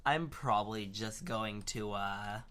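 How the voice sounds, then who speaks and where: A man's voice: on the low side, slow pace, pushed and bright. A young man co-hosting a podcast, chatting casually and hesitantly with lots of fillers and restarts. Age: young adult. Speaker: podcast co-host. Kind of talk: casual chat.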